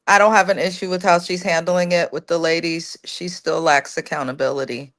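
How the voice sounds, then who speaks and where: Woman co-host, lowish voice, firm opinionated recap commentary. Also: fairly even intonation, fairly quick, fairly bright tone. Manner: firm, argumentative, lays out her case.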